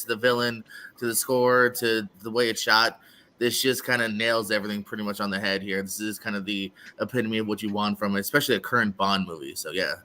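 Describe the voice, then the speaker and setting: A man's voice: fairly low pitch, pushed and bright. A man in a casual movie discussion, speaking hesitantly with lots of fillers. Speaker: podcast panelist.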